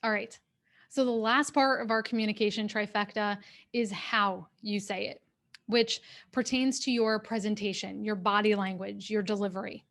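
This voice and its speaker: A woman executive coach speaks into her webcam during an online workshop. Her voice sits at a middle pitch, and her delivery is clear, steady and instructive. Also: moderate pace. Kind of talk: workshop talk. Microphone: webcam on a video call.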